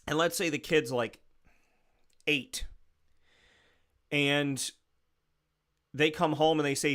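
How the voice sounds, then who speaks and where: A bright, forceful man hosts his radio show in a rambling monologue. He sounds sarcastic and incredulous, tripping over restarts as he piles on his disbelief. His voice sits a little high for a man. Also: fairly even intonation, takes it slowly, long pauses.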